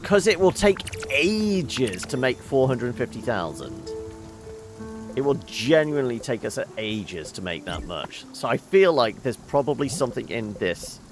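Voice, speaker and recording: A man's voice: mid-range voice, very animated, measured pace, over music. A man hosting a casual let's-play, thinking aloud about game puzzles as he plays. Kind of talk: casual gameplay commentary.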